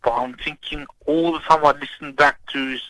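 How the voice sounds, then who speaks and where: A man's voice: on the high side, fairly even intonation, brisk, pushed and bright, poor audio. A man calling in to a radio talk show, talking in an emphatic, insistent way. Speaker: caller.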